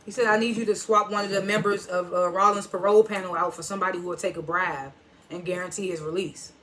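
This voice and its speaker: A TV reviewer with a steady, mid-range voice talks fast in a bright, forceful tone. Using AAVE, he casually retells an episode line by line, chuckling and reacting at the twists and quoting characters with "he was like."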